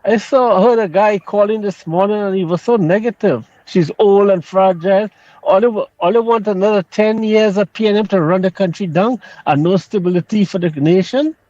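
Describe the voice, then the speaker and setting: Brief: earnest Trinidadian caller, high voice, muffled dry line. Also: male voice, moderate pace, a little mellow, no echo. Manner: earnest, emphatic opinions. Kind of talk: phone-in call.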